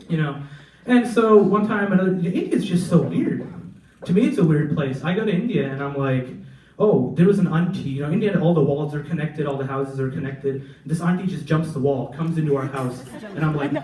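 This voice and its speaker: Young male comic, animated storyteller, slightly high voice, roomy distant live-venue sound. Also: brisk. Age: young adult. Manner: animated, mimics family members with big voice jumps. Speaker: stand-up comedian. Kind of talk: stand-up comedy set. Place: live comedy venue with audience.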